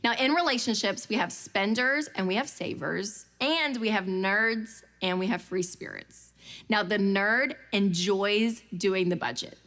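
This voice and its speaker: A young adult woman giving a lively storytelling talk to a church audience about budgeting, acting out the voices she quotes. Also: mid-range voice, measured pace. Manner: animated, acts out quoted voices. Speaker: speaker at a church budgeting class.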